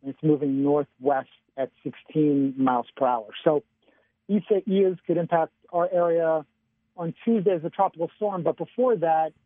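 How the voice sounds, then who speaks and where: A man calling in to give a weather forecast on the radio, with a relaxed, chatty delivery and frequent chuckles. His voice sits a little high, and it comes through a thin, phone-like line with no room sound at all. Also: normal speed, no echo. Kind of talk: casual radio weather chat.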